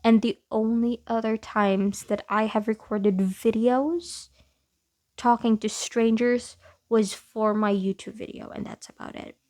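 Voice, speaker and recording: A woman's voice: on the high side, fairly even intonation, unhurried, darkish tone. A young woman casually talking through her year in a vlog, chatty and self-deprecating, often laughing at herself. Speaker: vlogger.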